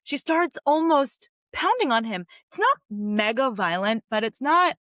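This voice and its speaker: A woman's voice: high-pitched, sing-song, a little slow, a bit bright, dry recording, clean studio sound. Chatty young woman recapping a show. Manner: chatty, earnest, uses many fillers like "like" and "you know". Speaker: podcast co-host. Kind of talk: casual TV recap commentary.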